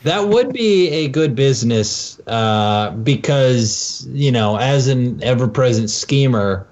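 A man's voice: mid-range voice, expressive, slow, darkish tone. A man, a comedian co-hosting a podcast, chatting casually with wry, ironic asides. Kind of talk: casual chat. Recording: dull lo-fi podcast audio.

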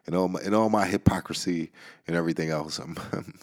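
A man's voice: low voice, fast talker. A man hosting a solo podcast, rambling casually with a Georgia accent, swearing and laughing often as he talks. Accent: Southern US, Georgia. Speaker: podcast host.

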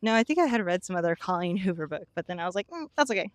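A woman's voice: on the low side, racing, dry recording. A young woman co-hosting a podcast, rambling with many "like" fillers and breaking into giggles. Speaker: podcast co-host. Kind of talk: casual chat.

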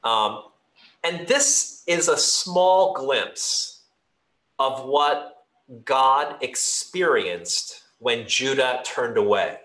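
A man's voice: mid-range voice, expressive, very slow, fairly bright tone. A man preaching a sermon as a pastor, talking in an earnest, conversational way with loose fillers and restarts, in a church hall. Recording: echoey room.

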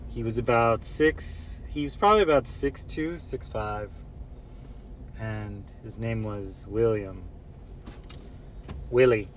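A man's voice: fairly low pitch, recorded from a distance. A man casually telling a fond family story, rambling and correcting himself as he goes, while driving. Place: inside a moving car. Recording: loud car road noise.

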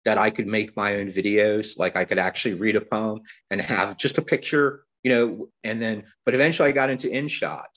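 A man talking as a guest poet in a casual interview, rambling and halting with lots of fillers and restarts. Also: on the low side, fairly bright tone, dull audio.

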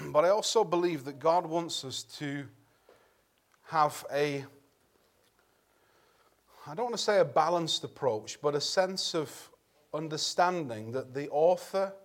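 A man delivers a sermon in a church, his voice sitting a touch high for a man. He speaks earnestly in a conversational way, stopping to clear his throat and circling back on his phrases. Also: animated, a little slow, long pauses. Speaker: preacher.

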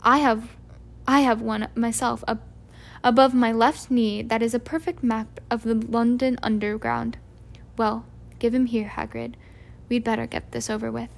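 A woman reading aloud, voicing a calm, wry old wizard who speaks softly. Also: on the high side, normal speed, creaky. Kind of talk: audiobook reading.

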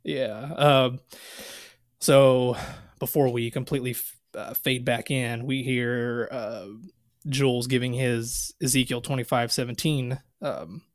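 This man co-hosts a podcast, slowly and casually walking through scenes from a movie and repeating the lines, swear words and all. His voice sits in the mid-range with fairly even intonation.

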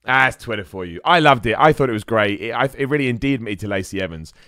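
A man's voice: medium pitch, fast, no echo, clean studio sound. Chatty man hosting a podcast. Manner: chatty, animated, reads out viewer messages. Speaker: podcast host. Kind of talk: live-streamed wrestling podcast chat.

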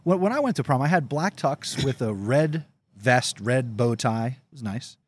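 A man hosting a student podcast who steers the conversation in an animated, playful way. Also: medium pitch, moderate pace, husky. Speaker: podcast host. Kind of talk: casual chat.

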